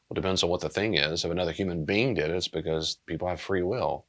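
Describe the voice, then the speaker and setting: A man's voice: deep voice, fast, fairly bright tone. A middle-aged man who is a pastor, giving an earnest, plain-spoken pastoral teaching in a subdued, unchipper way.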